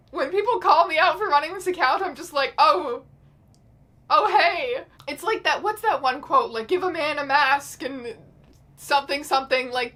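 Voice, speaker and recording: A woman hosting her own channel, reading out chat messages in a casual, wry, deadpan way with some swearing. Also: high voice. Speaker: YouTube host.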